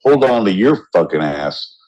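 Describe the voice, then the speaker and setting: A man co-hosting a podcast in casual banter, rowdy and joking, often jumping into loud mock voices. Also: low-pitched, sing-song, moderate pace, muffled recording. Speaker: podcast co-host.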